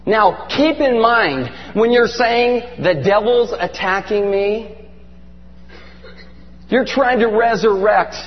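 A middle-aged man preaching a sermon with animated, emphatic storytelling. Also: high voice, slow pace. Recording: dull lo-fi recording in a reverberant hall with faint hum.

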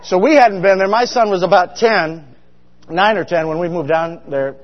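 Middle-aged preacher, high voice, big hall. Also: male voice, normal speed. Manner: chatty, asks the congregation questions. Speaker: pastor. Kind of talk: humorous storytelling sermon. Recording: dull sound with long hall reverb.

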